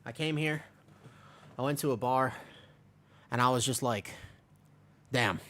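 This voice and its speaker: A man's voice: medium pitch, fairly even intonation, moderate pace, a bit bright. A young man from America, streaming a game and chatting casually with viewers, rambling and joking as he answers chat. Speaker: livestreamer. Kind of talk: casual livestream chat while gaming.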